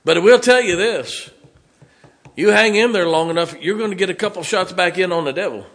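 A pastor delivers his sermon with a drawl and a plainspoken, joking bluntness. His voice sits a touch high for a man and rings bright and forceful as he speaks to his church. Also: brisk.

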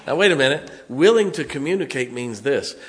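A man's voice: mid-range voice, expressive, brisk, in a large hall. A middle-aged male pastor, preaching a sermon in a church with folksy, conversational stories. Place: church sanctuary.

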